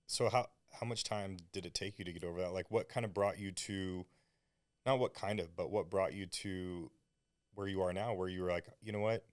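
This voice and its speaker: Low-voiced male host, dry sound. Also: fairly even intonation, normal speed, no echo. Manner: brief affirmations and follow-up questions. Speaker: podcast host. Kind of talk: casual interview.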